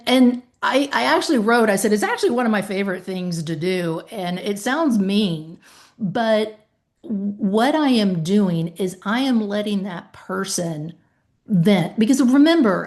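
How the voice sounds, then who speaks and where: A woman's voice: medium pitch, lively intonation, measured pace, a little mellow. A woman hosting a podcast in casual conversation, speaking emphatically and acting out calls with claimants. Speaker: podcast host and author.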